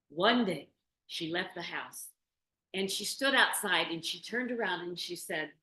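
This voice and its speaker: Woman storyteller, expressive, slightly low voice, roomy meeting room, asks listeners questions. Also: measured pace. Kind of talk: oral storytelling of a folk tale. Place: meeting room in a community venue.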